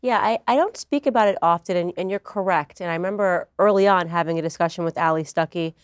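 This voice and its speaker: A woman's voice: lowish voice, fast, clear, resonant tone, no room sound. A young woman telling her personal story in an earnest conversational interview. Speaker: guest.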